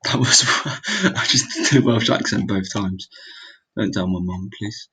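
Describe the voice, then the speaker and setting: A man's voice: on the low side, a little slow, fairly bright tone, breathy edge, low-quality recording. A young man muttering his way through a geography guessing game, exclaiming and mocking his own mistakes. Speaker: gaming video creator. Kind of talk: casual gameplay commentary.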